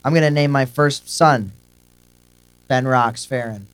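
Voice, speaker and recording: A man's voice: medium pitch, unhurried, clear, resonant tone, no echo. A man co-hosting a podcast in casual chat, joking goofily and reading out his notes. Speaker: podcast co-host.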